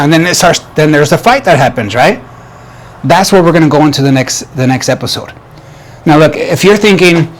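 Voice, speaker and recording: A man's voice: fairly high pitch, lively intonation, fairly quick. A man coaching married couples in a direct advice talk, emphatic, often restarting phrases and asking the listener "right?". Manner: asks the audience "right?" and "yes or no?". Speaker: relationship coach.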